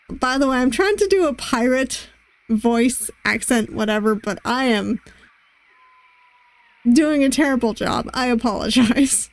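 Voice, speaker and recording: A woman streaming a romance game, chatty and giggly and quick to poke fun at herself. Her voice sits a little high and she talks in an unhurried way. She is close on a desk mic with a dry sound. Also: animated, no room sound. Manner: chatty, giggly, self-deprecating. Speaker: gaming streamer. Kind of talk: casual let's-play commentary.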